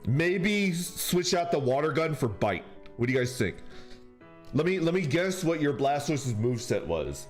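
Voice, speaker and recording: A man's voice: fairly high pitch, very animated, normal speed. A man streaming and chatting casually with viewers, telling a rambling story and laughing often. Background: faint background music.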